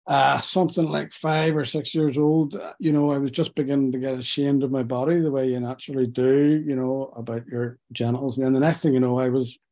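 Mellow-voiced man, halting and reflective. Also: medium pitch. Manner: halting and reflective, with many pauses and restarts. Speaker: person telling his life story. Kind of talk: personal testimony.

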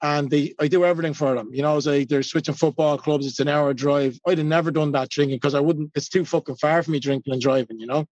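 A man's voice: a little high, steady tone, fast, few pauses, darkish tone, no room sound, dull audio. An Irish man in his forties giving a blunt, self-mocking personal share at a recovery meeting, swearing freely. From Ireland. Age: 40s.

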